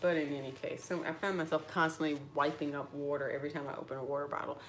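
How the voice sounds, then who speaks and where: A woman's voice: deep voice, fairly even intonation, fast talker, fairly bright tone, slight background noise. A middle-aged woman, chatting casually and rambling over breakfast in a vlog, with lots of "like.". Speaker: vlogger. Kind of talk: casual chat while eating breakfast.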